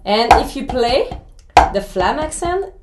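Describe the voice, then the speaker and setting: A woman's voice: on the high side, very animated, slow, reverberant, heavy background noise. A woman drummer, a guest who is chatty and laughs often, explaining a drum exercise step by step. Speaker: drummer guest giving a pad lesson. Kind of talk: casual interview, then drum lesson.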